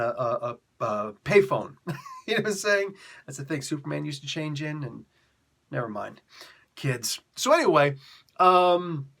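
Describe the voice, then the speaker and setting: A man's voice: a little high, a bit bright. A middle-aged man chatting casually as he reviews a comic book, laughing often and acting out the characters' lines.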